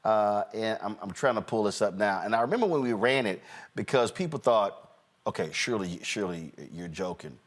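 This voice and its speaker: A man hosting a casual political commentary show, animated and mocking, talking while fumbling to play clips. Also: lowish voice, fairly quick. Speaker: host.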